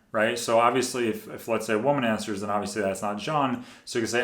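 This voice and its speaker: A man's voice: fairly low pitch, steady tone, brisk, fairly bright tone. A man explaining cold-calling technique to his viewers in a conversational, step-by-step way, with frequent restarts. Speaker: sales trainer. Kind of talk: instructional talk to camera. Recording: echoey room.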